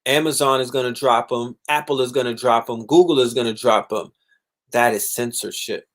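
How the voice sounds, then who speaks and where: A young man hosting a casual livestream monologue, animated and profane, sometimes mocking others in put-on voices. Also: medium pitch, normal speed. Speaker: livestream host.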